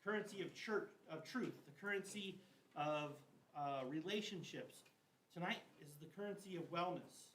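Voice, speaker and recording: A man with a fairly high pitch and a bit of brightness talks at a moderate pace while teaching confirmation class. His Bible retellings are loose, chatty and full of "like" and slang, captured in an echoey room by a distant mic with faint hiss.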